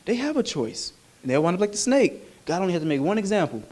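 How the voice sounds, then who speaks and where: A male minister preaching a sermon in an animated, humorous, conversational way. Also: high-pitched, fast talker.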